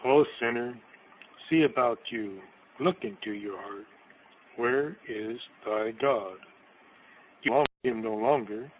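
A man's voice: mid-range voice, takes it slowly, pauses often, lo-fi sound, slight background noise. A man reading a sermon aloud in a solemn, declamatory manner, voicing quotations dramatically. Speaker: preacher.

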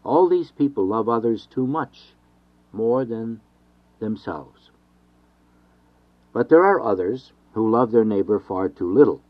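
A man giving an earnest, measured reading of a devotional sermon with steady, repeated refrains. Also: lowish voice. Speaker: reader of a devotional text. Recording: dull lo-fi recording.

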